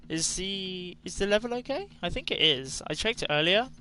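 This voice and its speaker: A man's voice: high-pitched, expressive, moderate pace, sharp tone, slight background noise. A young man from Ireland with an English accent, giving rambling, self-mocking commentary while streaming a game. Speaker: gaming streamer. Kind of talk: casual gameplay commentary.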